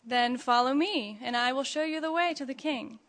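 A woman's voice: high voice, moderate pace. A woman doing a sly, coaxing male fox. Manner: smooth, soft and coaxing.

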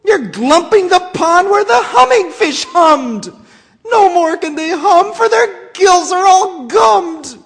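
A shrill little forest creature shrieks his scolding in a cracked, croaky voice, leaping wildly up and down in pitch. The sound rings through a large sanctuary with a long trailing reverb. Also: animated, takes it slowly, heavily acted. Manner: shrill, shouting, coughing and croaking. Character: fussy small male forest creature, scolding. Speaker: preacher reading a story aloud.

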